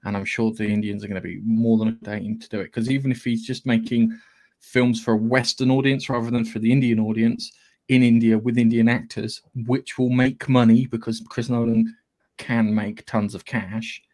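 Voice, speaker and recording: A man's voice: medium pitch, level tone, fairly quick, darkish tone. A man hosting a podcast, chatting casually about films and rambling with many restarts. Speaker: podcast host. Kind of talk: casual film chat.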